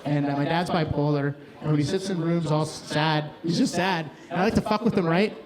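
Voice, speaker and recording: A man with a slightly high voice talks a little fast during a live stand-up set on a bar stage. He's crude and rambling, repeatedly cutting himself off, as audience laughter and bar noise fill the background.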